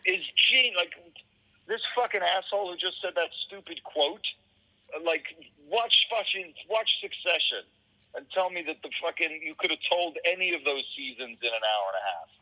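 A man's voice: a little high, expressive, normal speed, pushed and bright, poor audio. A man talking as a guest in a casual conversation, swearing often and arguing emphatically. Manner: profane, emphatic ranting.

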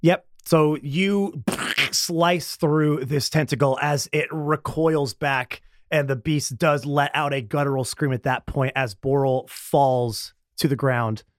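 A man's voice: fairly high pitch, steady tone, slow, hardly any pauses, no echo, studio quality. A man acting as game master, narrating a tabletop game with vivid descriptions of combat.

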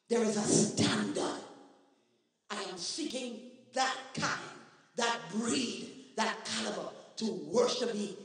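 A man from Trinidad and Tobago with a Trinidadian accent, preaching a sermon as a guest preacher and calling on the congregation to answer back. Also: sits high. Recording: echoey hall, voice from far off.

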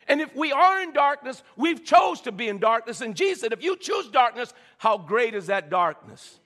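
High, lively preacher in an echoing hall. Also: male voice, moderate pace, hardly any pauses. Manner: preaching with frequent stammered repeats and call-and-response. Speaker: pastor. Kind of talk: sermon. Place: church sanctuary. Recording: reverberant church hall.

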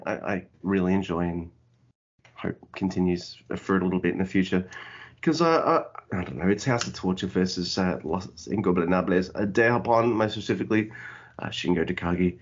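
A man co-hosting a podcast in casual chat, animated and joking, sometimes humming a tune. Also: on the low side. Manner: animated, joking, breaks into sung hums. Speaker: podcast co-host. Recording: dull lo-fi sound.

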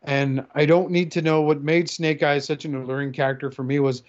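Podcast co-host, male, higher voice, animated and profane, dull lo-fi recording. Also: a little fast. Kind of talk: casual chat, riffing a comic pitch. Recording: dull lo-fi sound.

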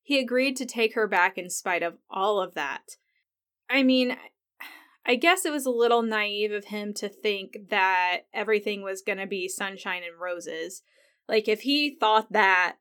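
A woman's voice: medium pitch, a bit bright. A woman hosting a podcast who talks casually about a TV episode, using "like" a lot and retelling scenes with feeling. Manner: chatty, says "like" often, retells scenes with feeling. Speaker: podcast host. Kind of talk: casual TV recap commentary.

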